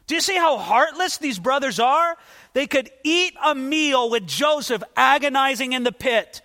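A man preaches a sermon, acting out the people of a Bible story with dramatic voices. His voice is high and bright, and it rings out with a long reverb as if filling a large hall. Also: expressive, normal speed. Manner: dramatic, acts out Bible figures in quotes. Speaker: pastor.

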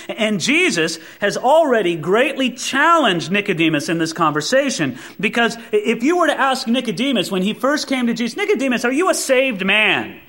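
A male preacher with a high voice that leaps and swoops through a very wide range. He preaches with heavy emphasis, pulling back to hushed asides before pressing hard on the words that matter. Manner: emphatic, swinging between loud stresses and soft asides; acts out quoted voices. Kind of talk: sermon.

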